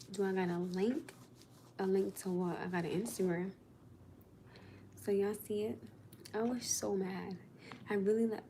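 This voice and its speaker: A woman's voice: mid-range voice, background noise. Exasperated woman chatting on a phone livestream. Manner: chatty, exasperated, addresses viewers as y'all. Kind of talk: casual livestream chat.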